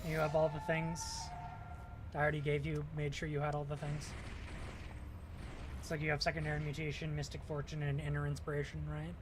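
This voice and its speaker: Soft-spoken man on a noisy mic. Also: a little high, monotone, brisk, long pauses. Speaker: streamer, co-player. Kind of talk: casual gaming stream chat.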